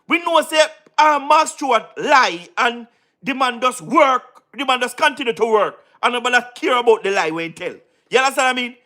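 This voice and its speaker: A Jamaican man talks in a very high voice with a bright, forceful edge. He gives casual commentary, mocks his subject, laughs often and keeps repeating his phrases. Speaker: online political commentator.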